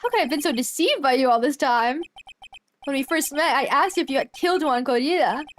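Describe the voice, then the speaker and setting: A woman's voice: sits high, animated, a little fast, slight background noise. A woman reading as an earnest young lawyer man. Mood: shocked. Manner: shocked, accusing questions.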